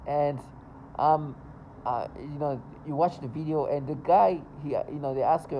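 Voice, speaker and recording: A man's voice: fairly high pitch, moderate pace, lo-fi sound, a little hiss or hum. A man talking to camera in a casual, rambling monologue, agitated and full of stumbles and restarts. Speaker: vlogger.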